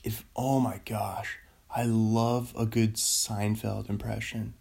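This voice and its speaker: A man hosts a loose solo chat, drifting between thoughts at an unhurried pace. He breaks off mid-sentence often and chuckles at his own tangents. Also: lowish voice, little pitch movement, vocal fry, darkish tone, husky. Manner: meandering, self-interrupting, laughs often. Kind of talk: rambling solo casual chat.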